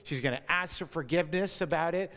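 A man giving a sermon as pastor, telling a personal story and dropping to a hushed tone at tender moments. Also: a little high, quick pace. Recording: long hall reverb.

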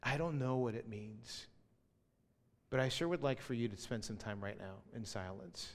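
A man giving a sermon as pastor, telling a personal story and dropping to a hushed tone at tender moments. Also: medium pitch, normal speed. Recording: long hall reverb.

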